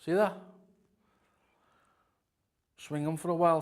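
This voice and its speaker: A man giving a comic drum masterclass as an earnest, deadpan instructor who rambles and often drops into quiet asides. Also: on the high side, a little slow, long pauses.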